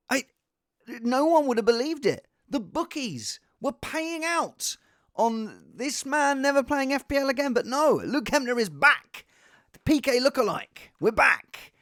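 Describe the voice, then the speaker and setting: A man's voice: very high voice, a bit bright, no room sound, studio quality. A man hosting a casual show, rambling in a self-deprecating way in front of a green screen. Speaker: podcast host. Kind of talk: casual chat. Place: home set with green screen.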